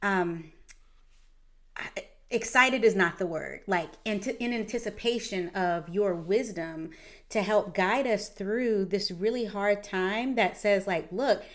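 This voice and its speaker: A woman in her thirties hosting a heartfelt conversation, speaking earnestly and reflectively. She gathers her thoughts with pauses and fillers, in a voice of middling pitch. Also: a bit bright. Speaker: podcast host.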